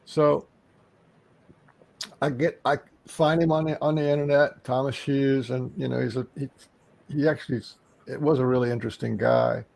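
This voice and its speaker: A man from Texas tells a long story as a guest, with a gravelly, slightly creaky voice. His pitch sits in an ordinary middle range and he keeps circling back and restarting his sentences. The sound is dry and close, with no room around it. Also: fairly even intonation, moderate pace, darkish tone, no echo, poor audio. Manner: rambling, with frequent restarts and fillers. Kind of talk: casual storytelling in an interview.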